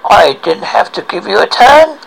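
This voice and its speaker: A man's voice: high-pitched, very animated, a little slow, vocal fry, slightly rough, pitched above the performer's own voice, full character voice, rough recording. A man voicing a mean, gloating, cackling witch in a read-aloud storybook.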